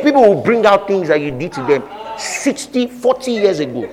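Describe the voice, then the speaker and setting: Male pastor, fairly high voice, lively preaching that acts out voices, echoing hall. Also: moderate pace. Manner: animated preaching, acting out voices, frequent laughter. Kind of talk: sermon.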